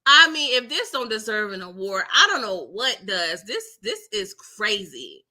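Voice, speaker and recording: Bright, chatty woman hosting a recap. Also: mid-range voice, a little slow. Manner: animated, chatty, laughs often, tags lines with "okay?" and "girl". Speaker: TV episode recap host. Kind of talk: casual live-stream recap chat.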